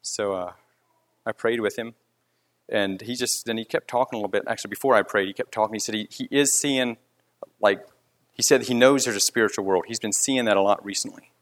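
A man's voice: on the low side, fairly even intonation, a little fast. A man who leads a concrete crew tells a story in casual, earnest speech full of restarts. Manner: rambling, with frequent restarts.

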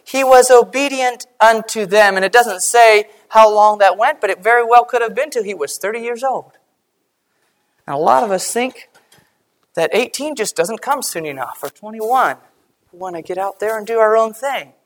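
A woman preaching a sermon, earnest and measured, slowing down and dropping quiet to stress a point. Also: on the high side, lively intonation.

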